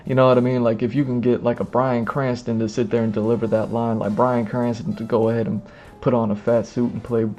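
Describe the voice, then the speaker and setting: A man streaming live, giving loose slangy reaction commentary, excitable and often breaking into laughter. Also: medium pitch, brisk. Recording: muffled, with music behind.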